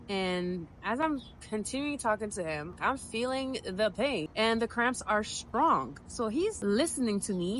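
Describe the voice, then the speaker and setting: A young woman vlogger casually telling her own story to the camera, chatty and animated, acting out her reactions. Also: medium pitch, a little hiss or hum, low-quality recording.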